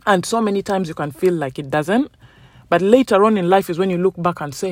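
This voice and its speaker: A woman's voice: fairly low pitch, brisk, dry recording, studio quality. A woman vlogger talking casually and upbeat to her viewers, acting out quotes as she goes. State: tired after running. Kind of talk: casual motivational talk to viewers.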